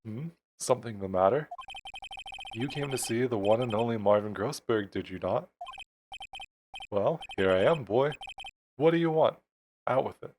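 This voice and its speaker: A man voicing a pompous, evasive older male lawyer in a slow, self-important low voice, over game music. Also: animated, darkish tone, a little hiss or hum, lightly acted.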